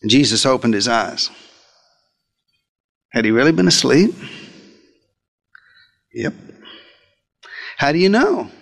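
A man preaching a dramatic sermon, telling the story in the first person with big swings in pitch and loudness. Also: very animated, takes it slowly, creaky, long pauses.

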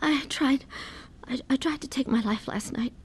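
A weary, pain-worn wife. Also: female voice, high-pitched, normal speed, husky, heavily acted. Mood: tearful. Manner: earnest, emotional. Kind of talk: radio drama acting.

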